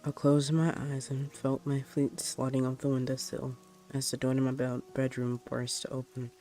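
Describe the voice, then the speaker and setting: Mellow-voiced man reading a horror story. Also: mid-range voice, monotone, faint music behind. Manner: plain, unhurried first-person narration.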